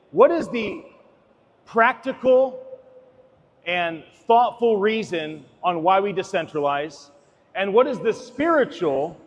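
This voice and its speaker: Man, high voice, preachy talk with big swings from loud to hushed; dull, muffled sound in a reverberant hall. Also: husky. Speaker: speaker giving a talk. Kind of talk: impassioned sermon-like talk.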